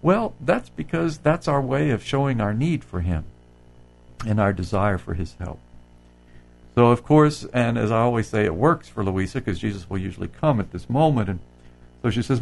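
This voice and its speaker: A man's voice: lowish voice, expressive, normal speed, creaky, a little mellow, low-quality recording. A man giving a spiritual talk, reading passages from a devotional text and explaining them in a conversational way, with fillers and restarts. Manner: reads quotations aloud and comments, with fillers and restarts. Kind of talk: spiritual reflection.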